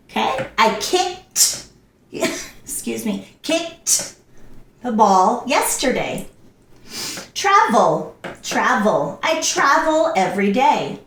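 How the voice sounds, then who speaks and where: A woman teaching English to a class, repeating each word slowly and clearly and acting out the actions. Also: on the high side, fairly bright tone. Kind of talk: slow classroom lesson with drills. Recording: echoey room, voice a bit far from the mic.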